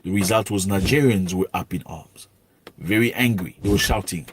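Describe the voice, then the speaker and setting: A man narrating news events in a steady, explanatory way. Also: low voice, normal speed, a little hiss or hum.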